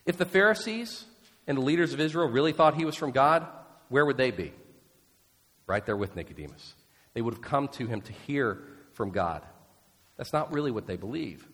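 A male pastor preaching a sermon, emphatic and expressive, posing rhetorical questions to his congregation. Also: medium pitch, normal speed, long pauses, in a large hall.

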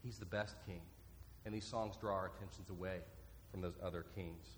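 A man preaching a sermon as pastor, earnest and repeating his key points slowly so listeners can write them down. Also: low voice, fairly even intonation. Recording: long reverb from a large hall.

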